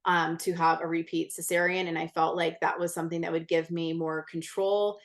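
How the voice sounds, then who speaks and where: This podcast guest speaks quite quickly in a lowish, flat voice. In a relaxed interview she recounts something personal with candor and intensity, cursing often and leaning heavily on "like" as filler.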